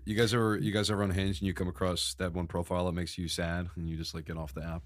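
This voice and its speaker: A man's voice: low-pitched, level tone, fast, no echo, clean studio sound. A young man from Brooklyn, hosting a podcast and telling a rambling, self-mocking story, swearing freely. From Brooklyn, New York. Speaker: podcast host. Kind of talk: casual comedic storytelling.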